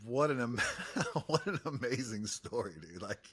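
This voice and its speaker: A man's voice: medium pitch, animated, measured pace. A male podcast host with an ordinary mid-range voice, talking with casual enthusiasm. He fills his speech with "like" and "dude" and often hypes up his guest. The tone is loose, friendly banter. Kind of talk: casual interview chat.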